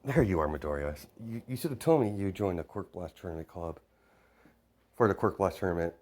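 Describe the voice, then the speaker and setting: A man's voice: low voice, expressive, a little fast, darkish tone. A man voicing an irritated, protective teenage girl in close to his own voice.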